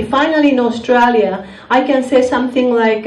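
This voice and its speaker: A Japanese woman performs stand-up in a deadpan way, her English a little broken. She speaks slowly in a fairly high voice. The recording is roomy and taken from some distance, with the crowd noise clearly heard. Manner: deadpan, slightly broken English with comic pauses. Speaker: stand-up comedian. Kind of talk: stand-up comedy set. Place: comedy club stage. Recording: echoey venue mic heard from a distance, audience noise. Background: audience laughter.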